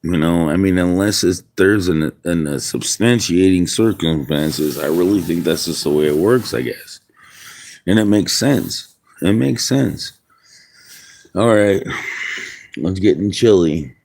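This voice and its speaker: A man's voice: low voice, a little slow, gravelly, a little mellow. A man streaming outdoors in the wind, musing aloud in rambling casual chat with viewers. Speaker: livestreamer.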